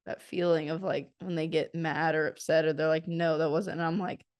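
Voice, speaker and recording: A woman's voice: sits low, flat delivery, brisk. A woman co-hosting a podcast, chatting casually, quoting past arguments with playful slang. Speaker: podcast co-host. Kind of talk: casual chat.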